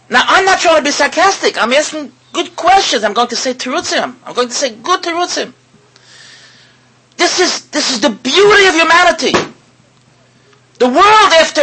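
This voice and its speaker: A man preaching in a high, bright, slightly husky voice. He swoops up and down in pitch, fires rhetorical questions at his listeners and repeats words as he builds a point. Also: low-quality recording. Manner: mixes in Hebrew and Yiddish words. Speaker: rabbi giving a talk. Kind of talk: sermon to an audience.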